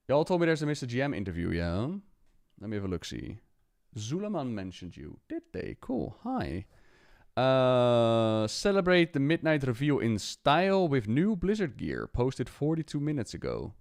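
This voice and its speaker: Male streamer, lively pitch, smooth clear voice, chatty and excitable. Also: no room sound, clean studio sound. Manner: chatty, excitable, talks to the game and chat. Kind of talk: casual live-stream commentary.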